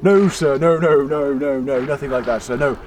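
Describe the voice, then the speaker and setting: An actor playing a deferential, hesitant young British army private in a comedy sketch. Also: male voice, mid-range voice, normal speed, a little mellow, slight background noise, lightly acted. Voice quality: deferential, hesitant, keeps saying sir.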